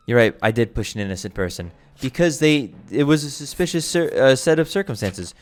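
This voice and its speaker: Lively man commenting on gameplay. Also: mid-range voice, normal speed. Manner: lively, thinks aloud with many restarts and fillers. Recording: faint background music.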